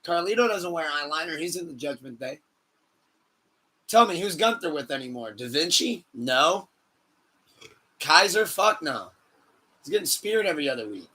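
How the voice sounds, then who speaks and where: Man hosting a podcast, excitable, swearing, bright forceful voice, a bit high. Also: normal speed, long pauses, breathy edge. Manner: excitable, swearing, laughs often. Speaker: podcast host. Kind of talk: casual chat.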